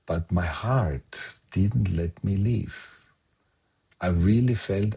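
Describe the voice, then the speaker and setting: An older man, slowly recounting a personal memory in a soft-spoken storytelling manner. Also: low-pitched, husky. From Austria. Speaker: guest sharing memories. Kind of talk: personal recollection.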